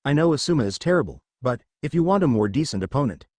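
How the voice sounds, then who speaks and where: A sly, self-assured older ninja with a smooth, breezy manner, as a male narrator reads his lines. The voice swings up and down in lively pitch. It is recorded close and dry, with no room sound. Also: quick pace, no echo. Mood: teasing.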